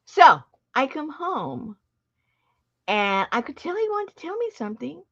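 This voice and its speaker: A woman's voice: high voice, unhurried, creaky. A middle-aged woman telling a story to a casual chat audience, laughing often. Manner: chatty, laughs often, animated retelling. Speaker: host. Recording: dull lo-fi sound.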